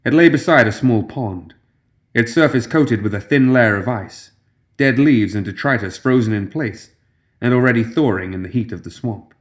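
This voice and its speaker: Man narrating a dark fantasy story. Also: medium pitch, moderate pace. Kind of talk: scripted narration.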